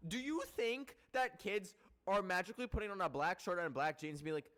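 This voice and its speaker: Male streamer from Canada, fairly high voice, excitable and profane, rambling chat to viewers. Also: moderate pace.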